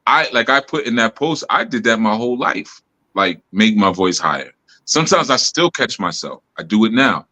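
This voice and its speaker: A spiritual teacher hosting a live stream speaks in a low, deep bass voice with a bright, forceful edge. At normal speed, he gives a casual teaching talk, relaxed and reflective, thinking aloud with frequent "you know" asides, picked up on a live stream mic.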